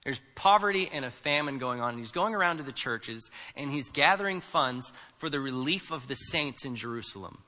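Bright-voiced man preaching in a reverberant church. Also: mid-range voice, animated, a little fast, hardly any pauses. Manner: conversational, emphatic preaching with rhetorical questions. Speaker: pastor. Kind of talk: sermon.

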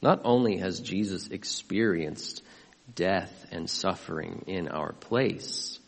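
A man's voice: low voice, takes it slowly, vocal fry, big-room sound. A male pastor preaching a sermon, questioning the congregation and building to impassioned emphasis.

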